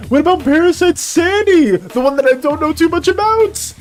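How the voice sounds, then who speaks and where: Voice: very high-pitched, lively intonation, moderate pace, hardly any pauses, soft background music. An art streamer chatting casually with viewers during a live stream, full of playful mock outrage and chatty filler.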